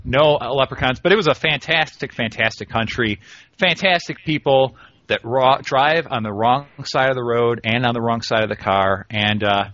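A man's voice: medium pitch, moderate pace, a bit bright, dull audio. A man co-hosting a radio talk show in casual banter, rambling and breaking into mock lectures.

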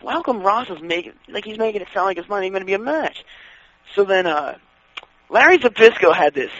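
Excitable man telling stories on lo-fi radio. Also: a little high, slight background noise. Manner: excitable, acts out quoted voices, laughs while telling. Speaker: wrestling fan guest. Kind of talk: casual chat, animated storytelling. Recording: dull lo-fi radio sound.

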